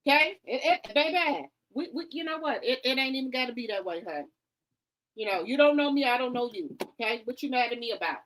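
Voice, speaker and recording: A woman's voice: on the high side, lively intonation, a little fast, fairly bright tone. A woman in her fifties ranting to camera, rambling and hollering, tagging on "okay?" and "baby". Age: 50s.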